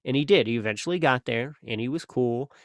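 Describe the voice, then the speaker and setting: A young man talks casually on a podcast, rambling through his thoughts with frequent fillers and restarts. His voice sits at a middling pitch and sounds close and dry, with no room around it. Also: fast, no echo. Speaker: podcast co-host. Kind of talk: casual conversational chat.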